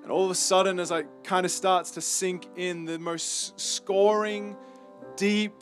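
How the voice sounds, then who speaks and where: An Australian man tells his own story in a sermon, and his voice sits a little high for a man. He speaks earnestly and emotionally, sometimes stumbling and starting over. Soft music plays quietly behind him. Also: little pitch movement, measured pace. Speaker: campus ministry speaker. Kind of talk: personal testimony sermon.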